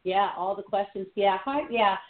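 Woman radio host, gushy, medium pitch, tinny phone sound. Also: moderate pace, a loud crowd. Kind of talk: hosting a call-in show.

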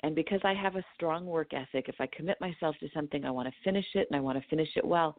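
Woman, from California, animated storyteller, dream therapist guest, low-ish voice, tinny phone-line sound. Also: racing, no room sound. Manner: animated storyteller who acts out her own quotes. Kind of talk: storytelling in a conversational interview.

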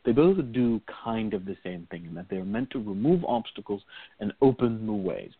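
Guy cohosting a call-in show, lowish voice, dry tinny phone sound. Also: expressive, breathy edge, dry recording. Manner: measured, explanatory, with fillers. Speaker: radio show co-host. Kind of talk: call-in radio discussion. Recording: tinny phone-line audio.

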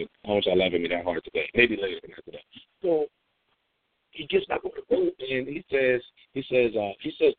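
A man giving a casual devotional talk, drifting into stories with fillers and repeated words. His voice carries a gravelly fry at its middle pitch. The recording is narrow and phone-like, with a dry, close sound. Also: no echo. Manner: storytelling, chatty, with fillers and repeats. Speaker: devotional host.

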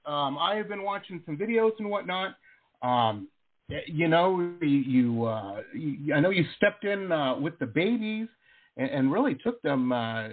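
A man hosting a casual radio talk show interview, enthusiastic and rambling with lots of fillers. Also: a little high. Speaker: host. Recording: phone-like radio talk line.

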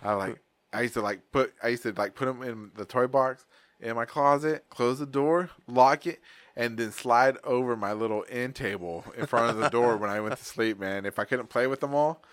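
A man's voice: mid-range voice, moderate pace, a bit bright, no echo. A man hosting a podcast, telling stories in a rambling, profane, slangy way. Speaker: podcast host. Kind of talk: casual chat.

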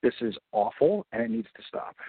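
A man's voice: on the high side, sing-song, normal speed, gravelly, slightly rough, dry recording. A man giving passionate, indignant political commentary as a guest on a talk radio show. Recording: tinny phone-like line.

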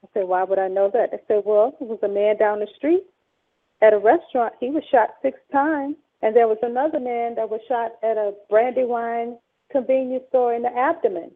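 A woman telling her story as a radio guest, acting out past dialogue with sharp emphatic peaks. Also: fairly high pitch, moderate pace. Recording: tinny phone line.

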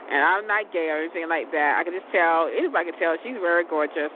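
Talking fast and with plenty of animation, this woman in her forties has a lowish voice. She is a vlogger whose casual chat wanders, circles back on itself, and is full of laughter, captured on a tinny, phone-like recording with a bit of faint noise.

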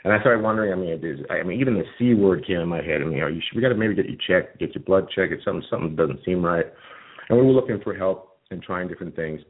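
A man's voice: low-pitched, fast talker, slightly rough. A middle-aged man hosting a podcast, telling a personal story in a candid, emotional way, often restarting his sentences. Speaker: podcast host and nutrition coach. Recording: tinny phone-line sound.

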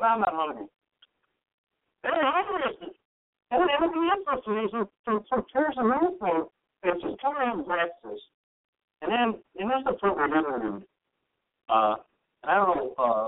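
Gravelly, lively male preacher on radio. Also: sits high, phone-quality sound. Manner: conversational, with jokes and asked questions; reads scripture and acts out the quoted lines. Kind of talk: sermon, Bible teaching.

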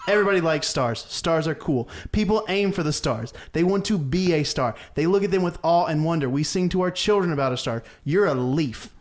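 Comedian podcast co-host, male, higher-pitched, deadpan roast delivery. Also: a little fast, hardly any pauses. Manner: mock-serious, deadpan roast; laughs at his own jokes. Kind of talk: comic rant on a podcast.

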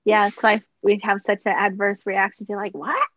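A woman's voice: mid-range voice, completely flat delivery, fairly quick, a bit bright. A woman hosting a podcast interview, encouraging her guest and reflecting back on what she hears. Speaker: podcast host. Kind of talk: interview conversation. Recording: slightly muffled dry audio.

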